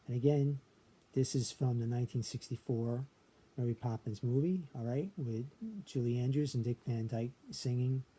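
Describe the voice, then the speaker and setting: A man's voice: mid-range voice, mellow, breathy edge. A man explaining step by step in a casual screen-share lesson, tacking "okay" onto nearly every phrase. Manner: repeats "okay" after nearly every phrase, counts syllables aloud. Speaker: video creator teaching a memory trick.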